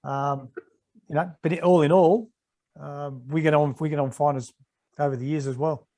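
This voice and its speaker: A man's voice: a little high, normal speed. An Australian man in his sixties, a former referee, telling stories in an interview and acting out the exchanges he recalls. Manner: animated anecdotes, acting out quoted exchanges. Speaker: retired rugby league referee, podcast guest. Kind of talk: casual storytelling interview.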